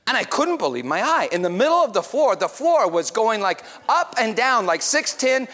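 A man preaching a sermon, moving between quiet reflection and excited, animated storytelling. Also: sits high, normal speed. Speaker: pastor.

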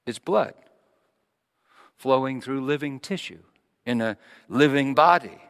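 In a church, a man preaches a dramatic, story-driven sermon at an unhurried pace, pausing often. He climbs into high, excited voices for the people he quotes, and the large hall adds a long reverb.

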